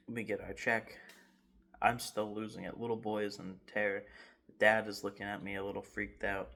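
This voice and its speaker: A man in his garage telling a rambling, animated story time with laughs and restarts. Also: fairly low pitch, moderate pace. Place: home garage.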